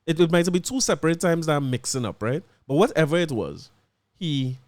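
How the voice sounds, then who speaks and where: A man with a Trinidadian accent hosting his podcast, telling a story in casual chat, animated and laughing as he acts out what people said. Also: fairly high pitch, fairly quick, dry recording. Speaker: podcast host.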